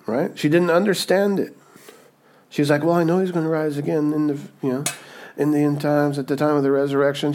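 A man preaching a sermon, dynamic and conversational, rising to emphatic peaks and dropping to hushed moments, often checking in with his listeners. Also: medium pitch. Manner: conversational, checks in with "okay?" and "right?". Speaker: pastor.

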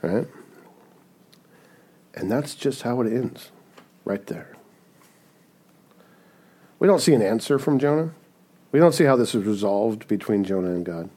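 Guy preaching, animated, chatty, says "right?" a lot. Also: fairly low pitch, a little slow, pauses often, breathy edge. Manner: animated, asks "right?" often, acts out scenes. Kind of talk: sermon.

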